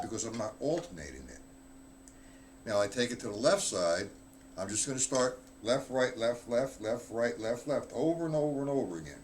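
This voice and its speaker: A man's voice: medium pitch, lively intonation, fairly quick, noisy background. Blunt man teaching drum rudiments. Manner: blunt, offhand, counts stickings aloud. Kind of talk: live online drum lesson.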